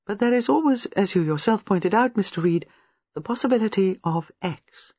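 A reader voicing a gentle, gossiping elderly spinster who is quietly shrewd and speaks mildly. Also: female voice, mid-range voice, animated, moderate pace, husky, no room sound, lo-fi sound, pitched above the performer's own voice. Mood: calm. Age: older. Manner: mild, chatty, quietly shrewd. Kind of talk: audiobook character reading.

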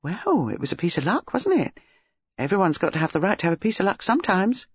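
Woman voicing a flustered young woman, plaintive, pitch swooping up, husky, dull audio. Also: sing-song, fast, no room sound, exaggerated voice. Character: young hotel dancer, flustered and self-pitying.

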